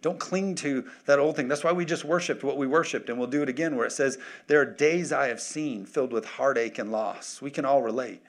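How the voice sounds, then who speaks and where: A man in his thirties preaching a sermon as pastor, energetic and full of joking asides. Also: medium pitch, brisk, few pauses.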